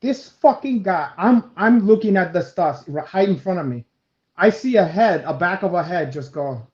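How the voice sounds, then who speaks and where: A man's voice: high voice, animated, moderate pace. Foul-mouthed man telling a heated story. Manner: heavy swearing, loud acted-out quotes, many restarts. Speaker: co-host. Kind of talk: animated storytelling chat. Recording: roomy, dull lo-fi stream audio.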